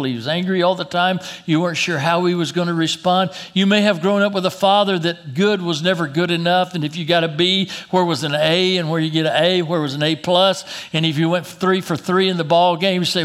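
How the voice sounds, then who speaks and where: A middle-aged man preaching a sermon as pastor, rising loud and high then dropping soft and slow for emphasis.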